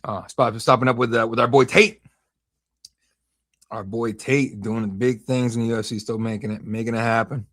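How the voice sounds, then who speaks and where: A young man hosting a live fight watch-along stream, rambling, excitable and profane in casual commentary. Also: medium pitch, normal speed. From United States.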